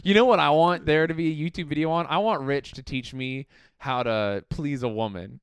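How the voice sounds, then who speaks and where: A man's voice: fairly high pitch, normal speed, clean tone, no echo. A man co-hosting a podcast in casual chat, riffing playfully and laughing often. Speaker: podcast co-host.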